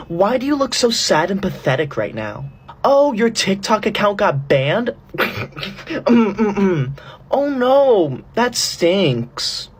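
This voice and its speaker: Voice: mid-range voice, slightly rough. A performer playing an entitled, bossy schoolkid in a comedy skit, talking in a haughty, scolding, mock-formal way. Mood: gloating. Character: bossy entitled schoolkid who bullies classmates. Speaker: content creator.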